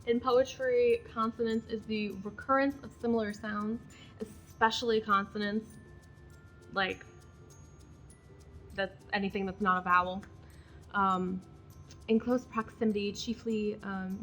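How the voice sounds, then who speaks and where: A young woman hosting a casual educational video, chatting through poetic terms and reading out examples. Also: medium pitch. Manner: chatty, explains terms then reads examples aloud. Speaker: poetry video host.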